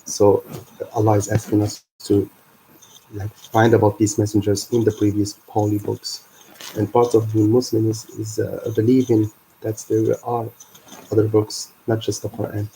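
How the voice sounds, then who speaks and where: A man hosting a livestream, explaining his ideas in an earnest, halting way. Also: fairly low pitch, completely flat delivery, dark tone, a little hiss or hum, low-quality recording. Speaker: livestream host.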